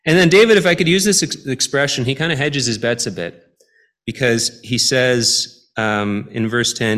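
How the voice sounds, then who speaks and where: Man, mid-pitched voice, sermon, conversational, grows emphatic. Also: animated, normal speed, a bit bright. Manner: conversational, rising to emphatic appeals. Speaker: preacher.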